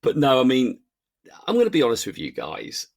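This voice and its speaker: A man's voice: medium pitch, huge pitch swings, brisk. A man co-hosting a casual podcast, chatty and jokey. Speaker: podcast co-host. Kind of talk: casual chat.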